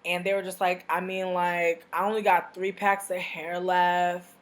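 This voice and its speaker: A young adult woman telling a profane storytime rant as a vlogger, venting loudly and acting out both sides of an argument. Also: fairly low pitch, unhurried. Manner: loud, profane, animated venting with acted-out dialogue.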